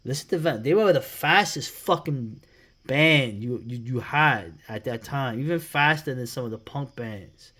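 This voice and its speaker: A middle-aged man from New York, talking casually and at length as host, rambling, swearing freely and trailing off into quiet mumbles. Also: mid-range voice, animated, normal speed. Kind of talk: casual solo commentary.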